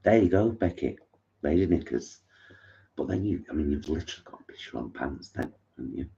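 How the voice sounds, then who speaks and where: A man with an extremely low, gravelly voice chats frankly on a home live stream, reading viewer comments and rambling with fillers. The sound is dull and lo-fi. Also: lively intonation, a little fast, warm tone. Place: living room at home.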